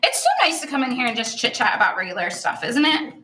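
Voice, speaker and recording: A woman's voice: a little high, expressive, fast, bright, forceful tone, slight background noise, low-quality recording. A woman co-hosting a crafting livestream, chatting casually and laughing as she works, full of "like" and "oh my gosh.". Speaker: co-host of a stenciling livestream. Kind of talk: casual chat while crafting.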